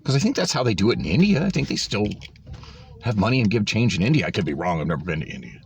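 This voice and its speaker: A man's voice: lowish voice, sing-song, quick pace, slight background noise. A man recording a vlog on his phone, exasperated and sarcastic as he rants about a store visit, swearing freely. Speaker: vlogger. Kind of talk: ranting vlog storytelling.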